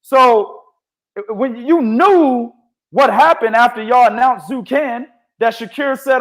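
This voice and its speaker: A man's voice: very high-pitched, takes it slowly. A man co-hosting a casual boxing podcast, talking with heavy slang and profanity and telling stories. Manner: profane, animated, storytelling with slang. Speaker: podcast co-host.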